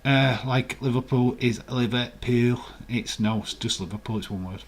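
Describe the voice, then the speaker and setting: A live stream host from West Yorkshire, with a Yorkshire English accent, runs a casual watch-along and chats with his viewers in a playful, argumentative way. His voice is medium-pitched and he speaks at a normal speed.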